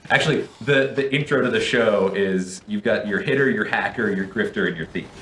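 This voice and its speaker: A young man with a lowish voice talks casually while gaming, rambling through long retellings full of restarts and asides. The sound is roomy and echoey, with a faint hiss behind it. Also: fairly quick, fairly bright tone. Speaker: co-host and player. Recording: echoey room, faint noise.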